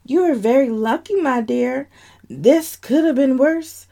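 A woman reading a calm male doctor. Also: high-pitched, a little slow, gravelly, pitched above the performer's own voice, exaggerated voice. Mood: reassuring.

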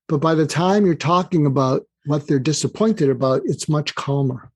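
A man's voice: on the high side, moderate pace, no room sound. An older man guest on an interview, explaining advice animatedly and acting out bits of dialogue. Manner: animated, acts out quoted dialogue. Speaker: guest author.

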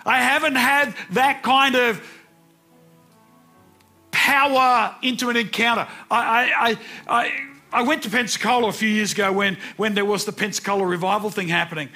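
A man's voice: very high-pitched, fairly even intonation, moderate pace, bright, forceful tone, soft background music. A man in his sixties preaching a sermon, telling personal stories earnestly and repeating words for emphasis. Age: 60s.

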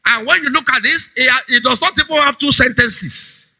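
A man preaching a sermon as a pastor, emphatic, swinging between loud cries and low urgent tones. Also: normal speed, creaky, rough recording.

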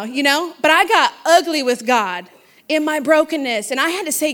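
A middle-aged woman delivers a sermon in a high, bright voice. She preaches with passion and keeps it conversational, often calling out to the congregation. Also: moderate pace. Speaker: pastor's wife preaching.

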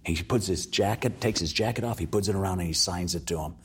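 A man's voice: deep voice, quick pace, breathy edge. A man telling a story as an interview guest, acting out the voices of the people in it.

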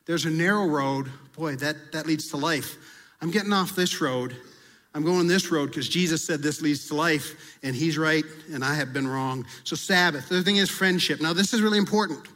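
High-voiced male pastor in a reverberant hall. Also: normal speed, a bit bright. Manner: conversational preaching, acts out prayers and confessions. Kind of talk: sermon.

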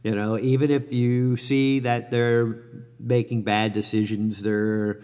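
A man's voice: medium pitch, flat delivery, slow, a little mellow, smooth, big-room sound. A middle-aged man talking candidly about his life and mindset, rambling with many fillers and self-corrections. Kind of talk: reflective personal monologue.

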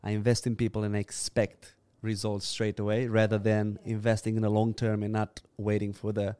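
Man, low and dry. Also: completely flat delivery, a little fast, warm tone, smooth, no room sound. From Romania. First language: Romanian. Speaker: guest, church leader. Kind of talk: podcast interview.

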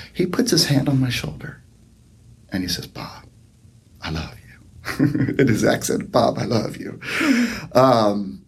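A middle-aged man, a psychotherapist, talking in a slow, reflective way and checking in often with "right?". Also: on the low side, husky. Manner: slow, reflective, warm storytelling with frequent "right?" and "um". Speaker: psychotherapist guest. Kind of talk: conversational podcast interview.

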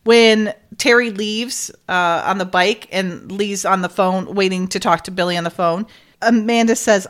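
A middle-aged woman chats casually as a co-host, retelling a story with lively energy. She acts out quoted lines and laughs often as she talks. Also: mid-range voice, normal speed. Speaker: podcast co-host. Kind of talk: casual recap chat.

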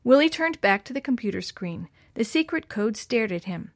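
A woman narrating a children's chapter book in a measured, clear reading. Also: a little high, expressive, dry recording, clean studio sound. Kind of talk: storybook reading.

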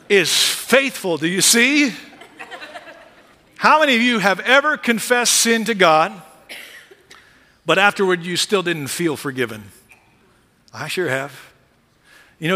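A male pastor preaching a sermon, moving from quiet asides to loud, emphatic peaks. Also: sits high, big-room sound.

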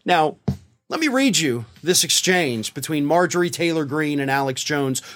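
A man's voice: fairly high pitch, expressive, moderate pace, fairly bright tone, faint music behind. A man hosting a political commentary show, talking in a sarcastic, indignant and mocking way.

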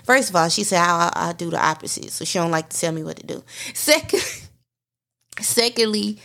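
A woman's voice: lowish voice, animated, moderate pace, creaky, bright, forceful tone. A woman hosting a podcast, speaking heartfelt and candid, addressing her listeners directly in a personal monologue. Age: adult mother. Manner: heartfelt, talks straight to listeners. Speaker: podcast host.

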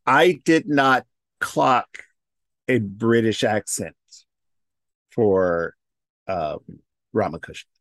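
A man's voice: fairly low pitch, lively intonation, very slow, long pauses, a bit bright, no echo. Hesitant man chatting, dry sound. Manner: hesitant, many restarts and fillers. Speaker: podcast co-host. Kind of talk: casual chat.

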